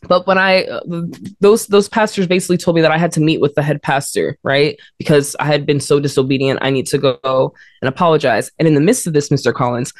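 A woman guest in a conversation, telling a personal story with frequent restarts and laughter, jumping up in pitch to act out what people said. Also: no echo, studio quality. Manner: animated, acts out quotes in a higher voice, frequent restarts and laughter. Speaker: interview guest.

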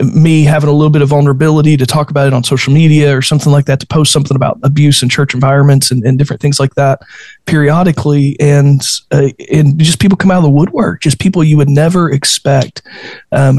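A man talking earnestly and haltingly as a podcast guest, often restarting his sentences. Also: on the high side, gravelly, darkish tone, no room sound. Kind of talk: casual podcast conversation.

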